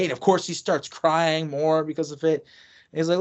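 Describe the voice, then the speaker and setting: A man's voice: a little high, steady tone, normal speed, dull audio. A man telling his own story as an interview guest, rambling and often restarting his sentences. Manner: loose, rambling, frequent restarts. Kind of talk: casual first-person storytelling.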